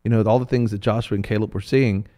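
Fairly low-pitched and fast, this man delivers a preaching talk that teaches from the Bible. He plays it up with animated, playful impressions of biblical figures.

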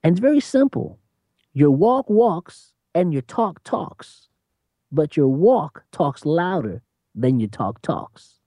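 An animated preacher who talks emphatically in conversation, laughing between points and slowing down to stress key phrases. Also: medium pitch, no room sound. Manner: lively, emphatic, repeats "you know what I'm saying".

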